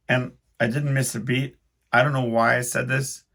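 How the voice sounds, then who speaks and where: A man's voice: mid-range voice, level tone, moderate pace, vocal fry, fairly bright tone. A man hosting his own podcast, telling a rambling, self-deprecating story in casual speech full of restarts. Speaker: podcast host.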